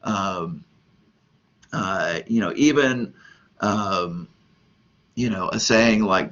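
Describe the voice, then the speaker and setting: A man teaching a recorded lesson in a relaxed way, with many ums and you-knows. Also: sits low, extremely slow, pauses often, muffled recording. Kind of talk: recorded lecture.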